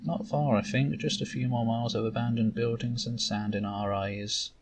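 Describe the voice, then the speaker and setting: A man reading the lines of an impatient woman agent who teaches her young apprentice, with a brisk, dryly teasing manner. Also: medium pitch, steady tone, natural voice. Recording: loud noise, distant mic.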